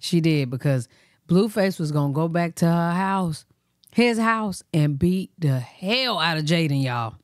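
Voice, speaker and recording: A woman hosts a casual reaction stream, chatting animatedly and speaking straight to her viewers. Her voice is on the low side and unhurried. The sound is clean studio audio with no room noise.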